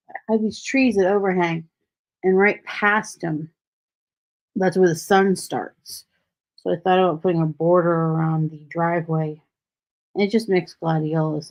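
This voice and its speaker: This host has a low, somewhat mellow voice and streams alone from her home in Texas, rambling loosely with plenty of sarcasm. The recording is dull, lo-fi stream audio.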